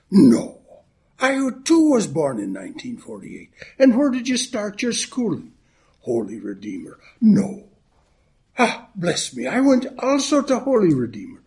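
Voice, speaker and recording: A man doing drunk old Irish gents in lively chatter. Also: husky, full character voice. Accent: put-on Irish. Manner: excited, high-pitched back-and-forth.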